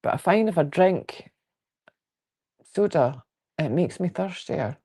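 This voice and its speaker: A woman's voice: on the low side, lively intonation, slow, mellow, slightly rough. A woman with a Fife Scottish accent, chatting casually and frankly on a quilting livestream at home, rambling and joking while answering viewer comments. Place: at home indoors.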